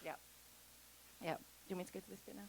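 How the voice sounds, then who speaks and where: A woman giving a casual festival talk about homesteading, chatty and quick to laugh, acting out quoted conversations. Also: fairly low pitch, fairly even intonation, a little mellow, poor audio. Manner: chatty, laughs often, acts out quoted exchanges. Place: festival talk before an audience.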